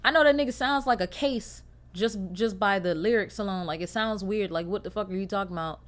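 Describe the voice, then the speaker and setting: A young woman hosting a casual solo podcast, swearing freely and swinging from loud rants to quiet mumbles. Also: medium pitch, fairly quick, hardly any pauses. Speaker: podcast host.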